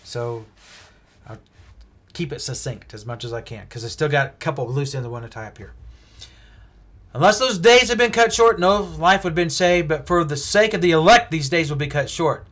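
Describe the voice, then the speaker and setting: A male preacher giving a Bible-teaching sermon, emphatic and full of rhetorical questions, swinging between loud stresses and hushed asides. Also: on the high side, fairly quick.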